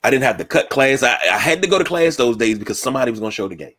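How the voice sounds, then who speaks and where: A man hosting a casual sports talk show, telling stories from work and school with lively acted-out quotes. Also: medium pitch, racing. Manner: storytelling, animated when acting out quotes.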